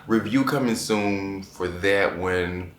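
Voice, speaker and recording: A man chatting casually to camera as a book reviewer, animated and repeating phrases for emphasis. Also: low-pitched, slow. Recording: echoey room.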